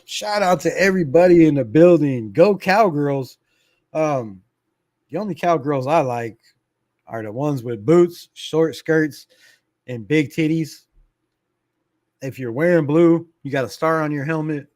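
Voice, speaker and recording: A man's voice: on the high side, measured pace, a little mellow, dry recording, studio quality. A middle-aged man hosting a sports fan livestream in a casual, laid-back way. He reads viewer comments aloud, laughs often and swears freely. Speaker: fan channel livestream host.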